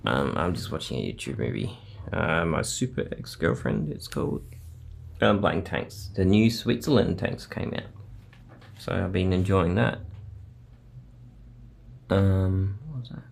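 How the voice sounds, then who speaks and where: A man's voice: sits low, lively intonation, a little slow, vocal fry, long pauses. A young man, rambling casually through a daily video diary with plenty of fillers and chuckles. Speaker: vlogger.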